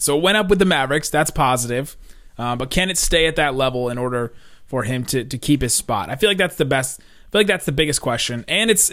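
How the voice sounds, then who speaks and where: A man's voice: mid-range voice, a bit bright. A man co-hosting a sports podcast, talking casually and laughing between points. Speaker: podcast co-host.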